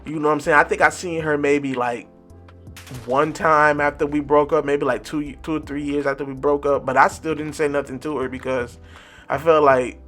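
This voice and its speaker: A young man telling a casual, profane storytime, animated and repeating lines for effect. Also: on the high side, normal speed, soft background music. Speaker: vlogger.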